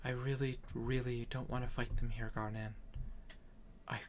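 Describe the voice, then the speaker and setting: A man voicing a gentle young woman healer who speaks softly and pleadingly, in an online tabletop game. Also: medium pitch, flat delivery, moderate pace, noisy background, lightly acted. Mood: worried, pleading. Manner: soft, quiet pleading.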